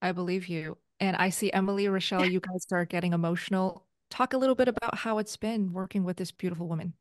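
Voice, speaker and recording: A woman's voice: lowish voice, fairly even intonation, fast, a little hiss or hum. A woman hosting an interview, gushing with praise in casual chat. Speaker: interview host.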